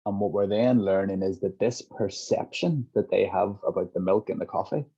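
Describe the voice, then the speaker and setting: A man's voice: sits low, moderate pace, mellow, slightly rough. A middle-aged man as an interview guest, reflectively walking through examples of how a practitioner works with someone's anger. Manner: reflective, walks through examples with hypothetical dialogue. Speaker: guest, compassionate inquiry practitioner. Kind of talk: explanatory interview talk. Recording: dull lo-fi audio.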